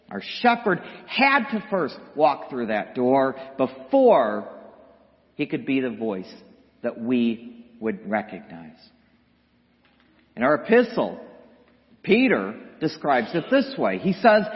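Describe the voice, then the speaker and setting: A man preaching a sermon as pastor, slow and emphatic with dramatic pauses. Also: a little high, sing-song. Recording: dull sound with long hall reverb.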